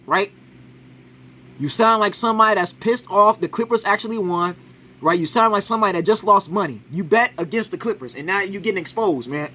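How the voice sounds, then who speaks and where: Male reaction commentator, high bright voice, argumentative, peppers lines with "right?". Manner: argumentative, keeps adding "right?". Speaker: commentator reacting to a sports clip.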